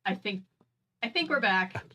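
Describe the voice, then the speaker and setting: A woman's voice: mid-range voice, lively intonation, unhurried, sharp tone, lo-fi sound. A woman co-hosting a casual stream, chatting and relaying viewer comments in long, rambling explanations. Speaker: stream co-host reading chat. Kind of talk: casual chat.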